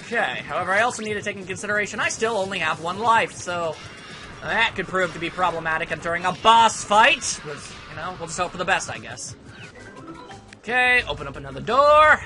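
A young man giving casual, sarcastic gameplay commentary, grumbling at the game and now and then bursting into shouts. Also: high-pitched, animated, a little fast. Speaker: let's play commentator. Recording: faint game music behind.

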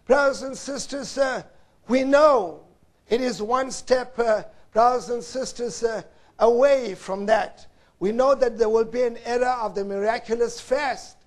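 A man preaching a sermon, swinging from loud emphasis to hushed low tones and often addressing his listeners as brothers and sisters. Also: measured pace.

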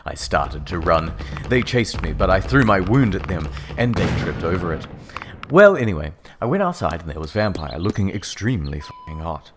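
A man narrating a comic reading in a deadpan, sarcastic style. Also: low voice, moderate pace. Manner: deadpan delivery of absurd text, sarcastic. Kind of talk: mock-dramatic comedic reading.

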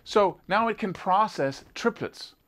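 A man teaching a guitar lesson in a casual, animated way, sometimes singing rhythms as syllables. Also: high-pitched, measured pace. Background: guitar playing.

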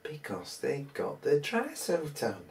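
A man's voice: on the high side, wildly swooping pitch, takes it slowly. Rambling man, slightly distant. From England. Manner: rambling, colloquial storytelling with hesitant restarts. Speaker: metal detecting vlogger. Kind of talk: casual spoken anecdote.

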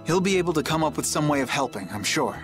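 A formal, dutiful young knight. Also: male voice, on the high side, sing-song, over music. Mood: earnest. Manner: formal, measured. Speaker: game character.

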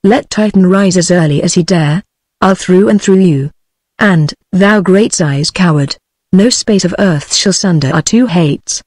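A text-to-speech British woman voicing a grieving, vengeful young Trojan prince in an even tone. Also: on the low side, a little slow, no room sound, studio quality. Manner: flat synthetic delivery.

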